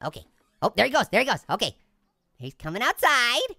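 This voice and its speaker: A woman giving excitable, jokey let's-play commentary as a video game streamer, talking to her viewers as she plays. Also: fairly high pitch, brisk, gravelly, no echo.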